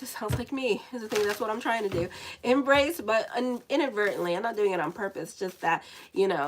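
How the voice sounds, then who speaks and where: A woman's voice: fairly high pitch, poor audio. A woman astrologer giving a casual horoscope reading while sick, chatty and swearing in asides. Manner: chatty, swears and laughs at her own asides. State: sick, dry lips.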